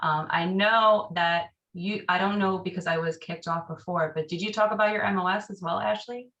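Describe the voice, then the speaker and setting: A woman's voice: lowish voice, steady tone, normal speed, fairly bright tone, dull audio. A woman moderating a panel discussion over a video call, asking friendly follow-up questions.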